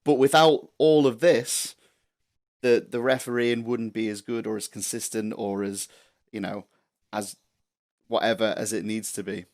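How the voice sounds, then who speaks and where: A man's voice: fairly low pitch, steady tone, unhurried, darkish tone. A man co-hosting a podcast in casual chat, agreeable and a little teasing.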